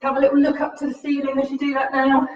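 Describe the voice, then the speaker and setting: A woman's voice: sits high, completely flat delivery, fast. A woman fitness instructor leading a live-streamed home workout, upbeat and encouraging, slightly out of breath as she exercises while talking. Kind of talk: live-streamed workout class with faith reflection. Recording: roomy, distant, dull livestream audio.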